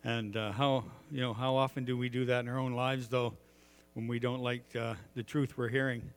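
A man's voice: mid-range voice, level tone, moderate pace, clean tone. Middle-aged guy preaching, folksy stories, lots of uhs, echoey big hall. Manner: folksy storytelling with many filler "uh"s. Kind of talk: sermon.

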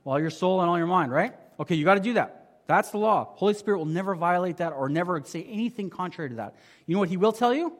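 A man preaching a sermon in a conversational way, asking the congregation rhetorical questions and moving between emphatic and quiet passages. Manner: swings from emphatic to quiet and low. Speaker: pastor.

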